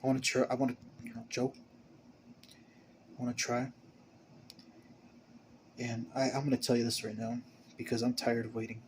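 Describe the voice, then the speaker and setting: A young man pours out a rambling, confessional monologue, stumbling over his words and starting sentences again and again. His voice sits in a middle range and slides between low mutters and sudden louder bursts. A faint hum of ambience runs under it. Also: level tone. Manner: halting, stammering, many restarts and repeated words; emotional, confessional, swings between mumbling and loud bursts. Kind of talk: rambling personal monologue to camera.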